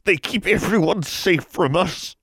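Audiobook: narrator doing an old man, composed, grave, slow-spoken, raised pitch. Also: fairly bright tone, husky, no room sound, studio quality, heavily acted. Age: older. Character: oldest man of the group, composed but trembling.

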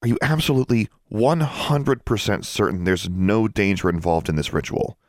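A man's voice: on the low side, normal speed, no echo, studio quality, voice pushed up, close to an everyday voice. Alexandra, a man voicing a blunt, stubborn teen girl. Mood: stern. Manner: curt, sharp-tongued. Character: stubborn, blunt teenage heroine.

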